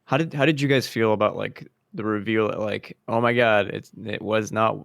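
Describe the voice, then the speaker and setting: Gravelly low-voiced man on a podcast. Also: normal speed, a bit bright, no echo, studio quality. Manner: earnest, questioning, repeats words as he starts. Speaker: podcast co-host. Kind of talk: casual chat.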